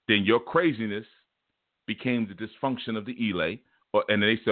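A man gives a relaxed spiritual teaching talk in a low voice. He explains his points through homespun, colloquial stories. The sound is dry and tinny, like a phone line. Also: normal speed, no room sound. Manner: folksy, chuckling, colloquial storytelling.

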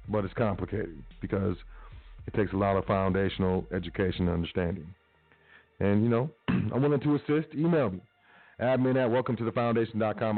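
Over soft background music, a talk radio host with a low-leaning voice talks a little fast, casual and emphatic, circling back to the same phrases. The motivational monologue is heard through a dry, tinny phone-like line.

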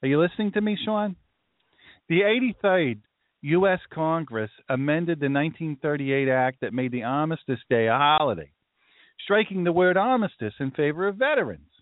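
An emphatic inner voice with a thick Brooklyn, New York accent, as a man puts it on, pitched well above his usual voice and pressing a friend for attention. The sound is dry and narrow, like a phone line. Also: expressive, moderate pace, no echo, lightly acted. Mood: insistent. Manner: emphatic, repeatedly calling a friend's name.

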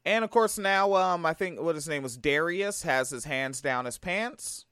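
A man's voice: fairly high pitch, lively intonation, normal speed, pushed and bright, clean tone, dry recording, clean studio sound. A man from Tacoma giving a profane, heated reaction commentary. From Tacoma, Washington. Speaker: video commentator.

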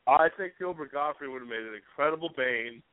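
A man's voice: fairly high pitch, brisk, no room sound. A man co-hosting a radio show, chatting casually in a rambling way with lots of fillers. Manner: rambling, hesitant, full of fillers. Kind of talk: casual chat. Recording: tinny phone-like sound.

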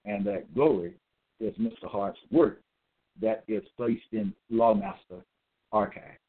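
A man giving a religious monologue with scripture readings, emphatic and repetitive, stressing words slowly. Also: fairly low pitch, husky. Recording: tinny phone-like audio.

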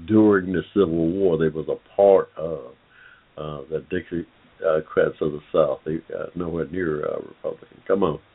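Deep-voiced man on a tinny phone line. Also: steady tone, moderate pace, breathy edge. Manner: rambling, frequent "uh" fillers, addresses listeners as "y'all". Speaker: online forum host. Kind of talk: casual talk-show commentary.

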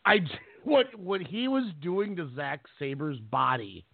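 A man co-hosting a wrestling talk show in casual chat, rambling with halting restarts. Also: fairly high pitch, big pitch swings, vocal fry, no echo. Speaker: podcast co-host. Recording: tinny phone line.

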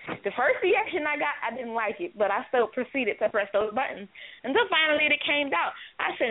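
A woman's voice: sits high, animated, brisk. A woman co-hosting a casual call-in talk show, telling a candid personal story, acting out the dialogue and swearing freely. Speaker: co-host. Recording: tinny phone-line audio.

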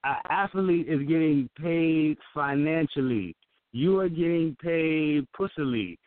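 A man riffing as co-host of a loose comedic talk show, teasing and laughing between crude jokes. His voice sits a little high and sounds dry. It comes through a thin, phone-like line. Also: lively intonation, unhurried, no echo. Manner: laughs often, playful and crude, repeats "you know what I'm saying". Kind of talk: casual comedic banter.

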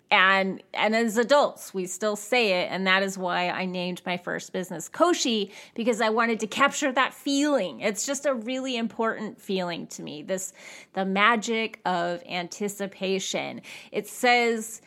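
A woman in her forties hosts her own podcast and talks straight into a podcast mic. Her pitch sits mid-range for a woman. She chats casually and expressively, and her voice often leaps up in pitch. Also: measured pace. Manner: chatty and expressive, with jumps in pitch. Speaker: podcast host. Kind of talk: casual solo podcast talk.

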